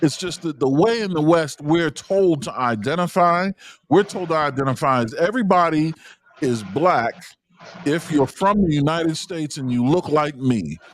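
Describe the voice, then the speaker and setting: A man's voice: fairly high pitch, lively intonation, normal speed, a little hiss or hum. A man hosting a livestream panel discussion, insistent and lecturing, often cutting others off.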